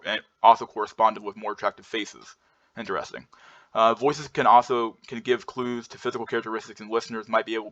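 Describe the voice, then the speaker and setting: A man's voice: lowish voice, sharp tone. A man giving a casual talk over slides, rambling with lots of fillers and restarts. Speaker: presenter going through slides. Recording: dull lo-fi sound.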